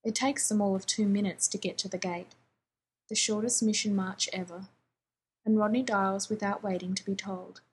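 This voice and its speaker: A woman reading fan fiction aloud in a calm, even storytelling manner. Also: mid-range voice, normal speed, slightly rough, low-quality recording. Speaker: audiobook reader.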